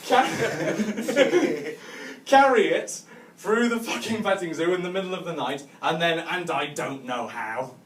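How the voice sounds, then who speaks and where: Man from northwest England, stand-up comic, slightly high voice, rambling, chuckling, echoey room, mic a bit far off. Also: lively intonation, slow pace, a little hiss or hum. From northwest England (Cumbria). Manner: rambling, laughing at his own jokes, frequent "right?". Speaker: stand-up comedian. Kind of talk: stand-up comedy storytelling. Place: hotel function room, live audience.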